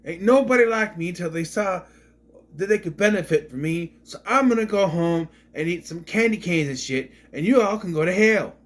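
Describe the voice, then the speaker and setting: A man's voice: sits high, expressive, normal speed, pitched above the performer's own voice. A man doing a foul-mouthed, fed-up young reindeer. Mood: defiant. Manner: rude, fed-up ranting. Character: defiant young male reindeer telling everyone off.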